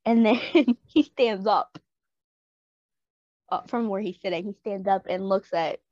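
A woman's voice: mid-range voice, measured pace, darkish tone, no echo, lo-fi sound. A woman co-hosting a podcast, chatting casually and with amusement about a TV episode. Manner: laughing, chatty commentary. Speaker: podcast co-host.

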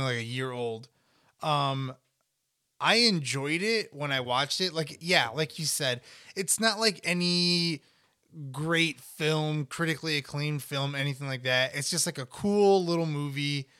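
A young adult man hosting a podcast, talking in a relaxed, joking, casual way. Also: on the high side, moderate pace, clear, resonant tone, dry recording, studio quality. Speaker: podcast host. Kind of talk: casual chat.

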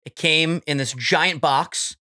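A young man hosting a casual podcast, talking in animated, joking banter and laughing often. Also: a little high, slow, dry recording, clean studio sound.

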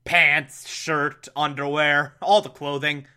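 A man's voice: on the high side, little pitch movement, slow pace, bright, forceful tone, smooth. A man giving a sarcastic, incredulous recap of an episode, mocking the plot and swearing. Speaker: comedic recapper.

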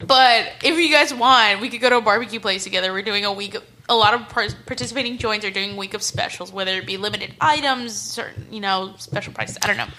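A woman's voice: mid-range voice, quick pace, few pauses, bright, forceful tone, a little hiss or hum. A woman co-hosting a podcast in casual chat, rambling and laughing, with some swearing. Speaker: podcast co-host. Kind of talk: casual chat over beers.

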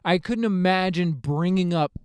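A man's voice: high voice, normal speed, darkish tone, clean tone, dry recording, studio quality. Rambling, profane young man. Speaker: podcast host. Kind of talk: comedic storytelling.

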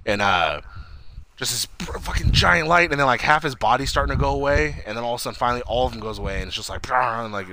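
In a noisy recording, a man with a mid-range voice speaks fast as he casually retells a TV episode. He's an animated storyteller who acts out lines, swears, and laughs.

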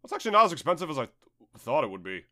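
A young man co-hosting a podcast in casual chat. He swears freely and explains things in a drawn-out, deliberate way. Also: on the high side, very animated, bright, forceful tone. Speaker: podcast co-host.

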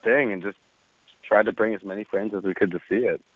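A man telling an animated, profane anecdote in casual conversation, laughing often. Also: lowish voice, brisk, breathy edge, no room sound. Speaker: guest. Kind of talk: casual storytelling. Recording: tinny phone-like line.

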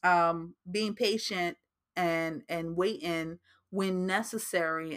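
A woman's voice: mid-range voice, fairly bright tone. Chatty New Jersey woman podcaster. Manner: chatty, repeats herself, frequent fillers. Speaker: podcast host. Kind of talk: casual faith-based advice talk.

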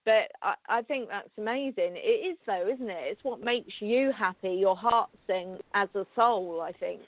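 A woman's voice: mid-range voice, normal speed, dry recording. A British woman co-hosting a call-in radio show, chatting casually with fillers and restarts. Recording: dry phone-like line.

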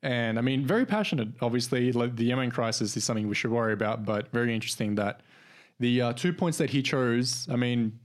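In a mid-range voice at a quick pace, a young man co-hosting a podcast chats loosely and rambles. Fillers and restarts pop up constantly.

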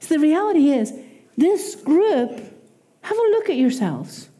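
Irish woman preaching, mellow tone. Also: sits high, unhurried. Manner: animated, conversational preaching with quoted asides. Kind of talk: sermon.

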